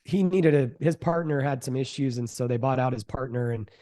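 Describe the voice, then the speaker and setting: A middle-aged man, a real estate investor, telling the story of his first deal in a casual interview, animated and quick to act out what others said. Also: mid-range voice. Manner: animated storyteller, acts out quoted voices, fillers like "um" and "like".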